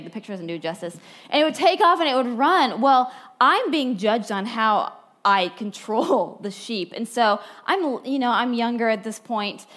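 Woman preacher, fairly high voice, animated storyteller, sermon talk. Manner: animated storytelling, wide swings from bright to hushed. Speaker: speaker at a church talk.

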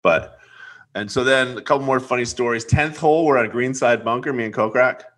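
Young male host, forceful, bright tone, animated storyteller. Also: brisk. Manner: animated, acts out quotes with big jumps up in pitch. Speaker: podcast host. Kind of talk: casual storytelling.

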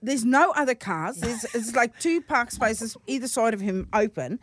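Lively high-pitched woman comic. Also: normal speed, dry recording. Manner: laughing, acts out lines loudly. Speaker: stand-up comedian guest. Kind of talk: animated storytelling on radio chat. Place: radio studio.

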